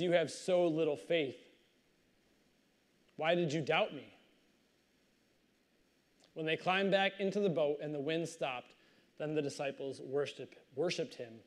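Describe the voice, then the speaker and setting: Male pastor, slightly high voice, animated reading and sermon commentary. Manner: animated storytelling, reads scripture then comments conversationally.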